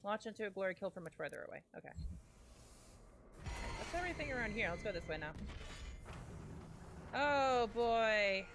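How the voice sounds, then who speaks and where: A woman streaming a video game, reading upgrade text under her breath and ranting loudly with swearing when things go wrong. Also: very animated, moderate pace, long pauses, slight background noise. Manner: mutters upgrade text aloud in a low voice. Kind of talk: casual gameplay commentary.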